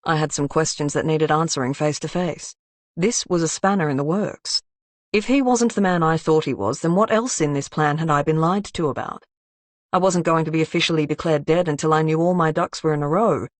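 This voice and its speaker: For an audiobook, a woman takes on the role of a male crime boss, calm and menacing, with a cool, measured, quietly threatening delivery. She uses a natural, fairly high voice, recorded without echo.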